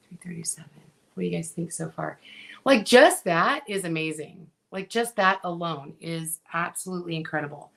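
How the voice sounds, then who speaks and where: A middle-aged woman talks her viewers through a craft project in a slow, unhurried way, often breaking off with small asides and fillers. Her voice sits fairly low for a woman and stays relaxed and conversational. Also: vocal fry. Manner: chatty, talks to viewers while working, frequent fillers. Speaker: craft video host. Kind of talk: casual crafting demonstration.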